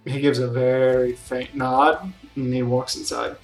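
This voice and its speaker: A man runs a tabletop game at an unhurried pace. His narration is easy and relaxed, full of small fillers, and his voice echoes around the room over faint music. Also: mid-range voice, gravelly. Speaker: game master. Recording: roomy echo with faint music.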